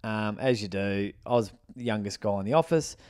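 A man's voice: lowish voice, a little fast, darkish tone, clean tone, dry recording, studio quality. A middle-aged Australian man, co-hosting a podcast, telling a long rambling story with lots of swearing. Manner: rambling anecdotes, swears freely. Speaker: podcast co-host. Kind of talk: casual storytelling chat.

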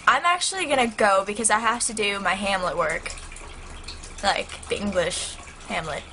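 A teenage girl chatting excitedly to her camera, rambling and full of "like". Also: mid-range voice, moderate pace. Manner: excitable, rambling, heavy use of "like". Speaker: vlogger. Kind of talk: casual chat to camera. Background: turtle tank filter hum.

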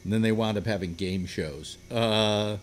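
A man's voice: on the low side, measured pace, a little hiss or hum. An older man hosting a casual group chat, rambling with many fillers and restarts. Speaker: radio host.

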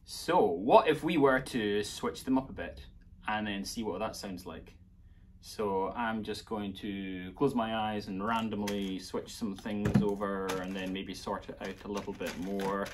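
Slow, playful Scottish music teacher. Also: male voice, lowish voice, noisy background. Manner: playful, coaxing, talks to young children. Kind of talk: children's music lesson.

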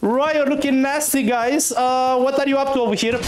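A man commentating his first play of a game, excitable, laughing often and swearing casually at enemies. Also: very high-pitched, moderate pace, hardly any pauses, a little hiss or hum. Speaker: gaming streamer.

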